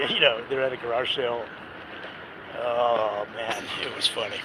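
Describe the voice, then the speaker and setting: A man's voice: mid-range voice, fairly even intonation, moderate pace. A man chatting casually for his vlog while out on the street, rambling with lots of fillers and chuckles. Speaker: vlogger. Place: outdoors on city streets. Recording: loud outdoor street noise. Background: loud traffic and street noise.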